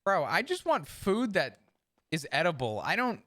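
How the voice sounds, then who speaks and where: A man streaming a roleplay game, chatting in character in an animated way, swearing and explaining at length. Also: sits high, normal speed, no echo, studio quality. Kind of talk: casual in-character roleplay chat.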